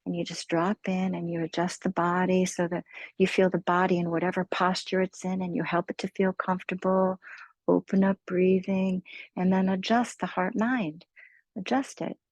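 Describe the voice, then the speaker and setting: A woman meditation teacher giving a slow, gentle guided mindfulness talk in a soothing manner. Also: fairly low pitch, flat delivery, dry recording, low-quality recording.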